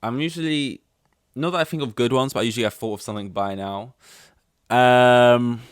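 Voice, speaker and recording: Rambling young man, smooth voice. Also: medium pitch, normal speed, no room sound, clean studio sound. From London. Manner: rambling, self-deprecating, many fillers and restarts. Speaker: podcast host. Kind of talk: casual solo chat.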